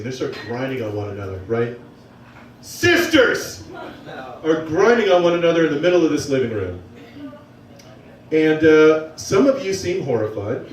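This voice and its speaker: A young man telling a profane, excitable, self-mocking story on stage to a live audience. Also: on the high side, a little hiss or hum. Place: small venue with a live audience. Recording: roomy, from a distance.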